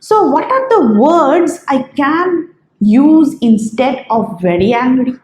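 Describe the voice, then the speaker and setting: Slow, high-voiced woman teaching. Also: animated, darkish tone, echoey room, rough recording. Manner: slow, deliberate, listing words one by one. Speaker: English teacher, channel host. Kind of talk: vocabulary lesson to camera.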